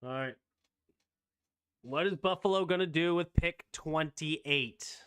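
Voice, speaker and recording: A man hosting a casual live sports talk stream, reacting quickly and excitedly with strong opinions. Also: a little high, clean tone. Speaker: streamer host.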